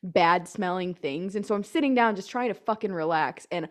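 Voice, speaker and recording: A young woman telling a story in casual chat, swearing a lot, ranting, and acting out her own lines in a lower voice. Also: moderate pace.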